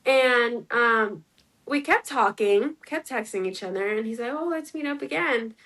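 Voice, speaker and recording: On a rough recording, a woman in her twenties, an interview guest, tells a personal story a little slowly in a somewhat high, expressive, bright voice. She chats freely, performs what people said, and fills her speech with "like."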